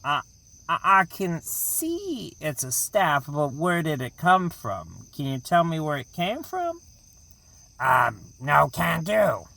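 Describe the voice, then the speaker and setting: A man's voice: a little high, wildly swooping pitch, takes it slowly, bright, forceful tone, no room sound. A man co-hosting an improvised comedy audio play, talking in a stammering, flustered, pleading way.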